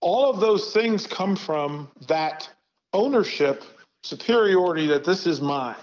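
A man's voice: high voice, lively intonation, measured pace, darkish tone. A man from Virginia, a guest speaking candidly and earnestly, often repeating words as he builds a point. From Arlington, Virginia. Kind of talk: candid conversational talk. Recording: dull lo-fi sound.

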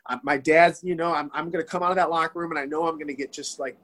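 Animated man telling a story. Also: fairly high pitch, fast. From Detroit area. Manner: storytelling, animated, swearing, acts out quotes. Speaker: guest, former youth hockey goalie. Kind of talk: casual podcast conversation.

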